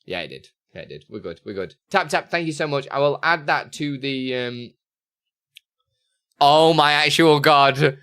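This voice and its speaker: A man hosting a casual live stream, chatting freely with his audience. His pitch swings up and down animatedly as he reads messages aloud. In between, he mutters to himself about his settings. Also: animated, fairly quick, hardly any pauses, no echo. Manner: chatty, reads chat aloud and mutters while fiddling with software. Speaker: live streamer answering chat questions.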